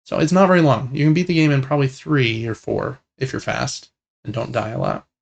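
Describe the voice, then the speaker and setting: A man co-hosting a gaming podcast, chatting casually in a relaxed, rambling way with lots of fillers. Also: mid-range voice, a little fast, vocal fry, lo-fi sound. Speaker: podcast co-host. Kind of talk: casual chat about video games.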